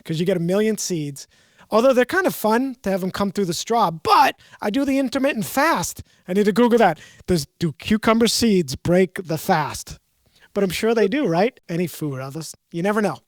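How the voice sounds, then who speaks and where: A woman's voice: mid-range voice, lively intonation, normal speed, no echo, studio quality. A woman with a Boston accent chatting casually, a rambling storyteller who loves puns. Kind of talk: casual chat.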